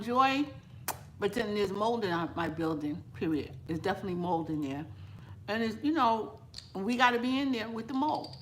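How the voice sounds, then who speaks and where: Seorang perempuan dengan aksen New mengobrol santai sambil makan di dapur rumahnya, bicaranya bertele-tele dan kadang dengan mulut penuh makanan. Nada suaranya sedang, khas vlog masak yang direkam di rumah. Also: female voice, mid-range voice, fairly bright tone, a little hiss or hum. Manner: chatty, rambling, talks while eating with mouth full. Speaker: cooking vlogger. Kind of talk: casual eating vlog chat with live viewers. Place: home kitchen.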